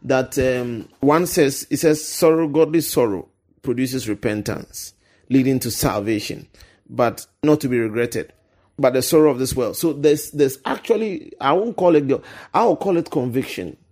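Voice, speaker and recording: A man's voice: medium pitch, normal speed, a little mellow. A man giving earnest, conversational Christian teaching as a guest, often restarting and searching for words. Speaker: guest speaker.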